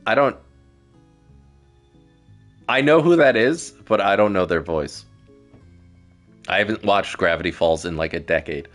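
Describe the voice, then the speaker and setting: A man's voice: deep voice, unhurried, long pauses, fairly bright tone, faint music behind. A man streaming a game, chatting casually in a self-deprecating way.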